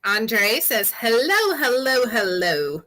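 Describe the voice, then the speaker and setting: Bright-voiced woman reading comments. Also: on the high side, very animated, slow pace. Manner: giggly, reads out viewer comments. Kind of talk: casual livestream chat.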